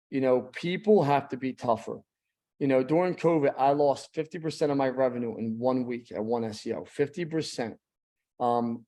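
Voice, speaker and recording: A man's voice: medium pitch, mellow. A middle-aged man, a business owner, giving an emphatic motivational talk about leadership, repeating points and telling a personal story. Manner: emphatic, repetitive, storytelling with rising intensity.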